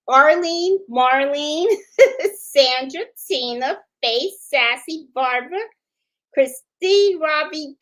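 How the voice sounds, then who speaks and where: The audio is poor, but her high, slightly bright voice comes through as she hosts a casual live chat. She's a middle-aged New Yorker who rambles with fillers and restarts and welcomes viewers one by one.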